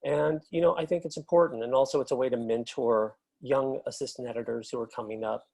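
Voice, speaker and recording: A man's voice: mid-range voice, fairly quick. Middle-aged man telling easygoing anecdotes. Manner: relaxed storyteller, many fillers. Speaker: film and TV editor, guest. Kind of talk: casual interview anecdotes.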